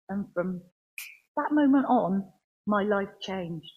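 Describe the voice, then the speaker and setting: Husky woman giving earnest testimony. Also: medium pitch, lively intonation, narrow, tinny audio. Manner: earnest, halting, with restarts. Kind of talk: personal faith testimony. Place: church.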